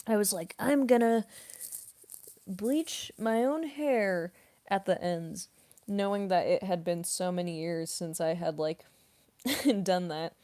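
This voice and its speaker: Young woman streamer, somewhat low voice, unhurried, laid-back Q&A chatter. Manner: relaxed and rambling, many fillers, laughs often, eating while talking. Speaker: streamer and voice actress. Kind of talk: casual stream Q&A chat.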